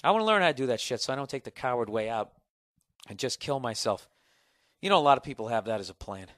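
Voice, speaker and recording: A man's voice: medium pitch, expressive, fast talker, fairly bright tone, no room sound, studio quality. A man hosting a casual solo podcast, ranting with constant swearing and reading listener letters aloud. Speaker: podcast host.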